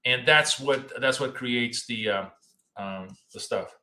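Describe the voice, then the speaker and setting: A man's voice: mid-range voice, slow, bright, forceful tone. Blunt, joking man in an echoey room. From Russia. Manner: blunt, joking, swears freely. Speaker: trading show co-host. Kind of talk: casual live trading chat.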